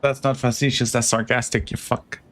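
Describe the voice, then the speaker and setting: A man's voice: medium pitch, flat delivery, normal speed. A man streaming a game with friends, teasing them, laughing and swearing in casual chat.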